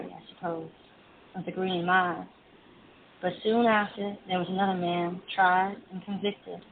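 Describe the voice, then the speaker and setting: A woman voicing an aging male prison guard, reciting a poem slowly and solemnly in his voice. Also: lowish voice. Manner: slow measured poetry recitation. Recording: tinny phone line, faint hiss.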